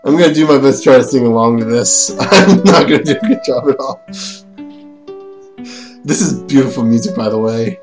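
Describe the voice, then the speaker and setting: A man's voice: medium pitch, animated, a little fast, soft background music, rough recording. A man giving casual gaming commentary in a chatty, rambling way, often laughing at himself. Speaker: let's play gamer.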